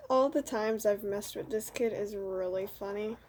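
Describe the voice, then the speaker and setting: A student vlogger in her teens tells a casual, rambling school story full of "like" and "you know," making fun of herself along the way. Her mid-range voice has a darkish tone and moderate pace, with slight background noise.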